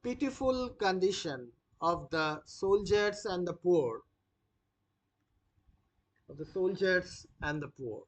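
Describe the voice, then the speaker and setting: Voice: medium pitch, expressive, takes it slowly, pauses often. A teacher dictating notes for a literature lesson, repeating each phrase and spelling out words letter by letter. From India. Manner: frequent "uh" fillers when explaining.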